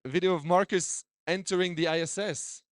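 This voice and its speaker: A man's voice: sits high, fairly even intonation, normal speed, no echo. A man, a doctor, giving a conference talk with slides, chatty, with many restarts and repeated words. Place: conference hall.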